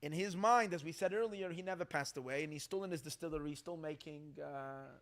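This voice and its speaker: A rabbi tells stories to a gathering in a lively, halting way and often restarts his sentences. His voice is pitched high for a man. Its timbre is bright and forceful. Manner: animated, halting, with frequent restarts. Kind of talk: storytelling talk.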